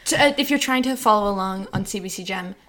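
A woman's voice: medium pitch, quick pace, fairly bright tone, a little hiss or hum. A young adult woman co-hosting a casual chat podcast, chatty and rambling, often correcting herself mid-sentence. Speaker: podcast co-host.

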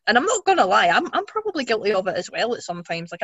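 A woman's voice: medium pitch, very animated, racing, few pauses, a bit bright, breathy edge, dry recording, muffled recording. A young woman with a Scottish accent, chatting casually as a guest, rambling with many restarts. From Scotland. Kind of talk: casual chat.

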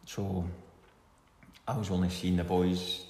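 A middle-aged Scottish former footballer tells rambling anecdotes in a casual interview, chuckling now and then. His low-pitched, slightly mellow voice is level and slow. The room is echoey with long reverb and a faint hiss.

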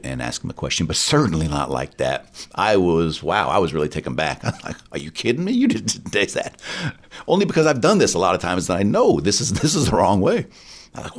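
A middle-aged man, a retired highway patrol sergeant, telling a personal story candidly in an interview. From United States. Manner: earnest, candid, quotes others in lively voices.

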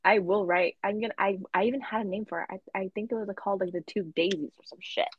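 A woman's voice: medium pitch, racing, breathy edge, no echo, highs cut off. A young woman guest in casual chat, gushing, emotional and playful as she talks about her friend. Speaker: podcast guest.

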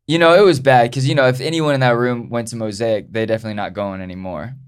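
A man tells a story in a loose, animated way, leaning on "like" as he goes. His voice sits in an ordinary middle pitch, and he often laughs through his words. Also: fast, smooth. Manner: animated, heavy use of "like", laughs while telling. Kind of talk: casual storytelling.

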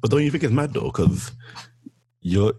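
A young man, chatting casually with a friend, animated and teasing, laughing often. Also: mid-range voice, normal speed, slightly rough, no room sound. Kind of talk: casual chat.

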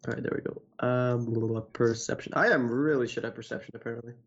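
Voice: medium pitch, fairly even intonation, fast, dull audio. A tabletop game player who jokes around while playing a character. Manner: joking, playful.

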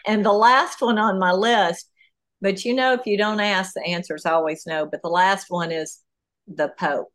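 A woman talks as a podcast guest at a medium pitch. Her speech is animated, with frequent "um"s and "you know"s and sudden lifts in her voice when she gets excited. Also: normal speed. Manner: animated, talks through ideas with many fillers. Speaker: author and guest. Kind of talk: podcast interview.

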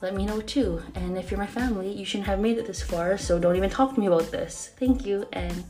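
A young woman tells a story on her own podcast in a loose, chatty way, full of fillers and quick laughs. Her voice sits at an ordinary middle pitch. Faint music plays quietly behind her. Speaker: podcast host. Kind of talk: casual storytelling monologue.

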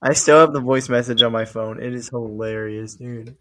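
A man's voice: mid-range voice, normal speed. Young man co-hosting, loose and swearing. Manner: loose, swearing, animated storyteller. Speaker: podcast co-host. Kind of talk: casual chat.

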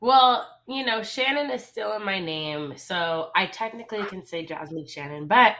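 A young woman co-hosts a casual podcast with a bright, crisp voice and a slight lisp. She keeps an upbeat tone and often turns to address her listeners directly. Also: mid-range voice, animated, normal speed. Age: young adult. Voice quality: slight lisp from dental aligners. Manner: upbeat, talks straight to listeners. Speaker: podcast co-host. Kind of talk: casual chat.

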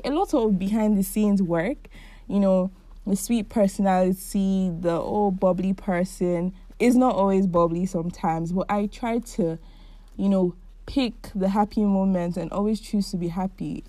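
A woman's voice: medium pitch, moderate pace, no echo. Young woman in her twenties, podcast host, casual heartfelt chat, dry close sound. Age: 20s. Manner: warm, heartfelt and chatty, with frequent likes. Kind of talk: casual solo monologue.

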